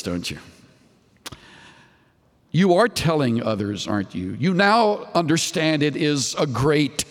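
A man preaching a sermon, earnest and searching, asking his listeners rhetorical questions and dropping low on the tag questions. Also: long reverb tail.

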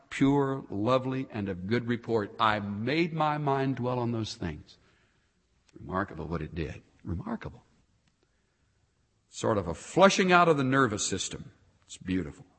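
Preacher man with lively emphasis, echoing hall. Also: mid-range voice. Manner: animated, swings between loud emphasis and soft asides. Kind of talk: sermon.

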